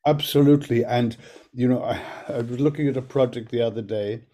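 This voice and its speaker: A man's voice: medium pitch, brisk, mellow. An older man speaking on a video call, telling candid stories about his work with frequent restarts. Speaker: guest speaker, choreographer. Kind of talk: reflective talk on a video call.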